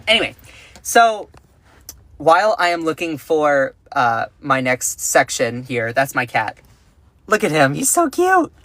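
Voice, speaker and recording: A man's voice: a little high, a bit bright, dry recording. A man hosting a casual political commentary livestream, chatty and jokey, giggling at his own jokes and reading out the news. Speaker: livestream host.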